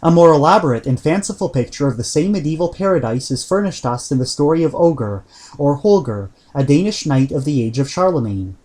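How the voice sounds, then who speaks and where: Audiobook narrator: a man with a slightly high voice, measured reading of old prose. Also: expressive, darkish tone. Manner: measured reading with occasional slips and throat-clearing. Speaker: reader.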